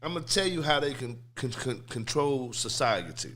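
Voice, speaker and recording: Bright-voiced animated man talking casually. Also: medium pitch, normal speed, a little hiss or hum. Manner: animated, streetwise, repeats "you know what I'm saying". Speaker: podcast co-host. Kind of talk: casual chat.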